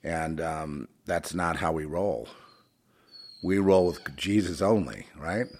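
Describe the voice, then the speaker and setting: Low husky guy ranting about god, gets loud then mumbles, lots of restarts. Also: slow. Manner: swings from fervent shouting to quiet muttering; many restarts and fillers, conversational. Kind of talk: rambling religious monologue.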